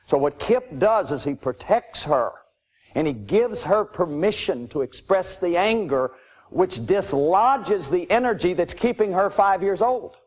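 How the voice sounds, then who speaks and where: A man's voice: on the high side, a little mellow. Emphatic man lecturing on recovery. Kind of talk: lecture to an audience.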